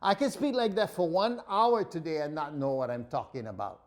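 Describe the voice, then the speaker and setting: A man with a Hawaiian accent telling comic childhood stories, with animated, pidgin-flavored phrasing. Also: a little high, normal speed. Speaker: comedian. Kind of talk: comic storytelling.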